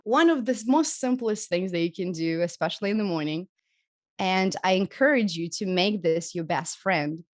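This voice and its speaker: Gentle European woman teaching healing. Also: lowish voice. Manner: gentle, encouraging, demonstrates voice techniques. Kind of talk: live group workshop teaching.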